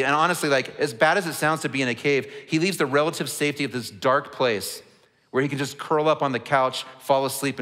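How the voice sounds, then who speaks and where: A man's voice: medium pitch, fairly bright tone. Male pastor, sermon, conversational, earnest, long church-hall reverb. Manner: earnest, conversational, repeats words as he restarts. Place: large church auditorium.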